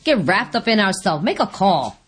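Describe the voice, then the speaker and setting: A woman giving a personal testimony at a recovery meeting, telling stories in an animated way and acting out her own lines. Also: mid-range voice, normal speed, slightly rough. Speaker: speaker sharing at a recovery meeting.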